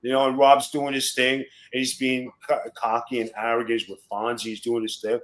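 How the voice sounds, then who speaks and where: A man's voice: medium pitch, fairly even intonation, normal speed, a bit bright, low-quality recording. Blunt, profane man telling tough stories. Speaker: podcast guest, former wrestler. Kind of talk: casual storytelling interview.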